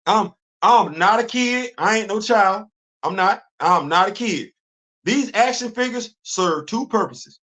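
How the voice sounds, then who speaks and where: A middle-aged man talks on his own livestream with a raised, fairly high voice. He circles back on phrases and quizzes himself in quick asides. The delivery stays loose and animated. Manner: animated, repeats himself, self-questioning asides. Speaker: host. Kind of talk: casual solo livestream chat. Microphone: livestream studio setup.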